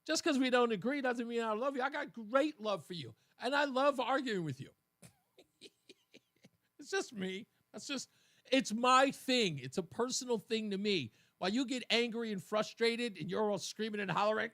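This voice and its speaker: A man with a very high voice hosts a talk radio show, telling stories casually and animatedly at normal speed and laughing often. The studio microphone gives a clean sound with no echo.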